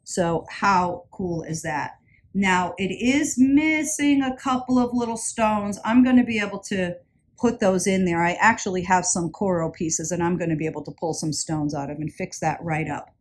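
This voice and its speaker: A woman's voice: lowish voice, normal speed, slight background noise. Woman, jewelry haul vlogger, chatty, gushing, casual show-and-tell. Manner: chatty, enthusiastic, self-interrupting with repeated words. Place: indoors, traveling.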